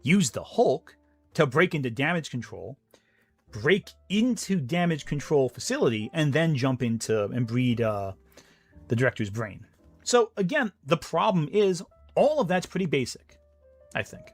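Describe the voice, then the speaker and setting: A man's voice: fairly high pitch, sing-song, measured pace, slightly rough, faint music behind. A man in played-back commentary video, dry and matter-of-fact.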